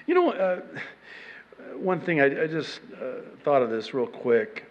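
Slow, animated preacher in a reverberant hall. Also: male voice, a little high, muffled recording. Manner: animated and self-deprecating, with frequent restarts. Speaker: pastor. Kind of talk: sermon.

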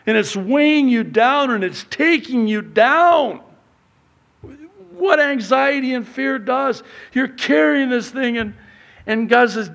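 A man preaching a sermon, swinging from loud urgent appeals to hushed asides and acting out little dialogues, with frequent casual fillers. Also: extremely high pitch, slow, vocal fry, dull audio. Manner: conversational asides with many fillers. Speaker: pastor.

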